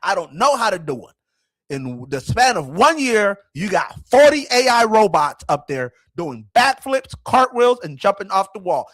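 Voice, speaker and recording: A man in his thirties hosts a casual commentary vlog, rambling and excitable. His fairly high voice leaps around with lively swings in pitch. The recording is dry and close, with no room sound. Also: moderate pace, no room sound. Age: 30s. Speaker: host.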